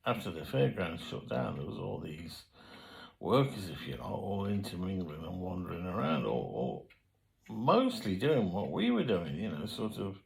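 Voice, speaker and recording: A man's voice: lowish voice, vocal fry, poor audio. An older man, telling his own life stories in a rambling, colloquial way, full of fillers and restarts. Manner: rambling, colloquial, frequent fillers and self-corrections. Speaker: memoir storyteller. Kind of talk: casual spoken memoir.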